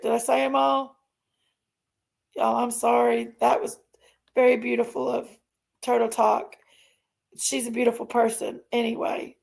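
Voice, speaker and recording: A livestream host whose voice is on the high side, husky, a little mellow, and full of vocal fry chats casually with her audience. She calls out viewer names, thanks members, and airs frustrations about her sister.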